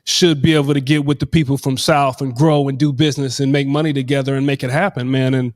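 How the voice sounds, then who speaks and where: A man co-hosting a podcast in casual discussion, talking earnestly and emphatically with halting restarts and fillers. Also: medium pitch, level tone. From US West Coast. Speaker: podcast co-host.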